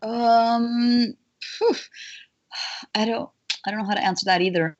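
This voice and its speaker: A woman voice actress chatting as an interview guest, animated, with lots of fillers and restarts. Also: a little high, measured pace, lo-fi sound. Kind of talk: casual interview chat.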